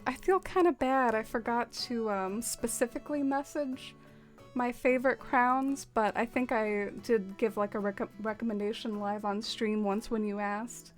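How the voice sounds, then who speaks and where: A young woman streamer chatting casually with her viewers as she decorates, full of "like" and quick laughs. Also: on the high side, faint music behind. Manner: chatty, many fillers, laughs often. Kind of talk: casual livestream chat with viewers.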